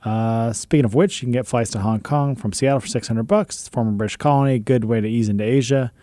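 A man's voice: mid-range voice, fast talker, mellow, no echo. Laid back podcast guy reading messages, dry close mic. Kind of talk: casual podcast chat.

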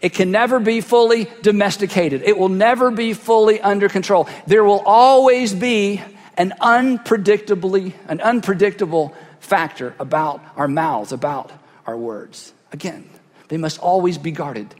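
High-voiced pastor preaching in a reverberant hall. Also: male voice, normal speed. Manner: emphatic, repeats phrases for effect. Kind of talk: sermon. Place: church sanctuary. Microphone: cheek microphone.

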